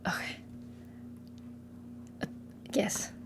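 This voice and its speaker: A woman's voice: drawn-out words, in a whisper. A woman livestreaming in casual chat, giggly and a little scattered as she talks to herself and her chat. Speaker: streamer.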